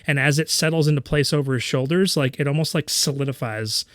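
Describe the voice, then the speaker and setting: A man's voice: a little high, fast, a bit bright, no echo, studio quality. A man narrating a tabletop game as game master, rambling with many fillers and laughing often.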